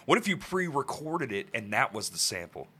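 A man in casual chat, joking and swearing, tossing in quick asides. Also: mid-range voice, big pitch swings, pushed and bright, slightly rough.

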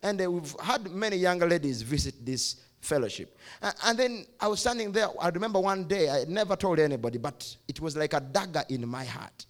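A man's voice: on the high side, expressive, brisk. A man with a Ugandan accent, preaching a youth sermon as pastor, emphatic and repeating key phrases. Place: church hall.

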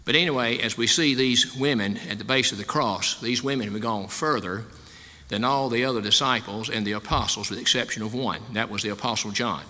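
Folksy preaching man with bright tone. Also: mid-range voice, fairly quick. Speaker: pastor. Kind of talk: sermon. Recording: long hall reverb.

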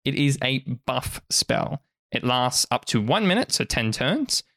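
A man talks through the rules and the story as game master, relaxed and a bit rambling. His voice sits at an ordinary pitch, and the sound is dry and close with no room echo. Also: measured pace. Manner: casual, explanatory, frequent fillers. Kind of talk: narrating a tabletop game.

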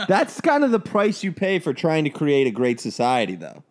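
A man with a very high voice that swings widely, co-hosting a casual podcast. He jokes around and teases the guest in a playful way. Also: huge pitch swings, normal speed, slight background noise. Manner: joking, playful, teasing. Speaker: podcast co-host.

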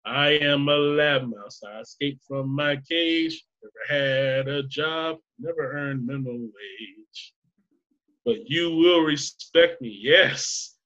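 A man voicing a scheming genius lab mouse, half singing a slow country tune. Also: a little high, a bit bright, lo-fi sound.

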